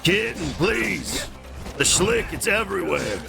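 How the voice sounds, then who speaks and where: A man's voice: high voice, expressive, measured pace, gravelly, heavily acted. A man putting on a silly, whiny voice for a pirate captain character, with game music behind. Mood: pleading. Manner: exaggerated, pleading, silly. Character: mock male pirate captain, whiny and dramatic.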